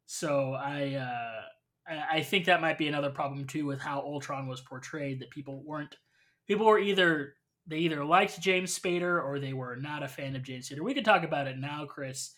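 A man's voice: on the high side, moderate pace, a bit bright. A man hosting a podcast who talks at length in casual conversation, explaining his views with fillers. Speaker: podcast host. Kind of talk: casual chat reviewing a show.

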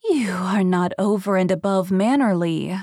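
A woman reading aloud as a fairy in a fairy tale, speaking in a calm, measured way. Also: mid-range voice, no room sound, studio quality. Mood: stern calm. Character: calm, dignified fairy in disguise.

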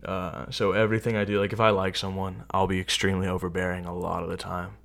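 Young man with a low, gravelly voice. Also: quick pace. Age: young adult. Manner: relaxed, rambling, many "right?" tags. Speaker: interviewee. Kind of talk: casual chat.

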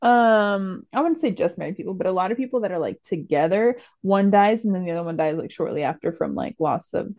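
A woman's voice: mid-range voice, lively intonation, fairly quick, hardly any pauses, darkish tone, lo-fi sound. A young woman co-hosting a podcast, chatting casually with slang and frequent giggles. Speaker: podcast co-host. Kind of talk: casual chat.

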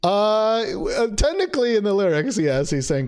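A young man co-hosting a casual chat, animated and rambling, laughing often and restarting his sentences. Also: high voice, a little slow, smooth. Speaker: podcast co-host.

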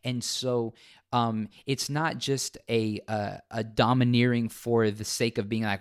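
A man in a casual chat about parenting, explaining in a measured way with fillers and restarts. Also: medium pitch, fairly even intonation, clean tone.

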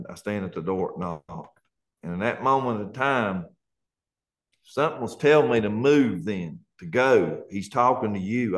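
A man with an Appalachian accent, a pastor, telling his conversion story in an earnest, fervent way, at times close to tears. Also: fairly low pitch. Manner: earnest, fervent, colloquial grammar. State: near tears. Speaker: pastor and guest. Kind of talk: emotional testimony.

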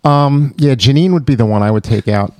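A middle-aged man co-hosting a casual podcast about movies. He talks in animated bursts, tripping over his words and restarting often. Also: medium pitch, fairly quick, no echo, studio quality. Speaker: podcast co-host.

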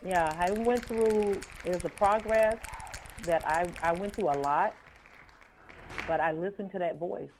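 A woman, an author and life coach, telling a personal story in a podcast interview, slow and earnest, repeating phrases for weight. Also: fairly low pitch, a little mellow, a faint crowd, a little hiss or hum. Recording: phone-like line with faint music.

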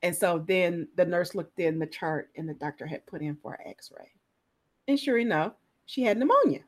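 Animated woman telling clinical stories. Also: on the low side, moderate pace. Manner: animated, acts out the people in her stories. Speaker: guest, clinical nurse specialist in pain. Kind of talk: conversational storytelling in a podcast interview.

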